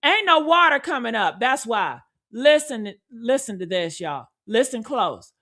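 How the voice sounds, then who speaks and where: High, bright-voiced sarcastic woman commentator. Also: very animated, unhurried. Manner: blunt, sarcastic, swears freely, talks straight to viewers. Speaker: true crime commentator. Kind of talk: casual video commentary.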